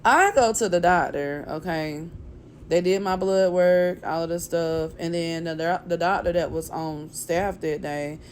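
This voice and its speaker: Woman with a low voice telling a story. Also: measured pace, a little hiss or hum. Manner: chatty, animated, acts out what others said; many fillers like "like" and "you know". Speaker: vlogger. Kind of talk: casual personal storytelling.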